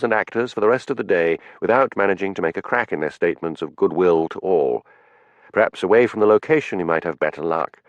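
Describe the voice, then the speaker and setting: A man narrating an audiobook with an expressive reading style. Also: fairly low pitch, no echo, lo-fi sound. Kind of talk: scripted narration.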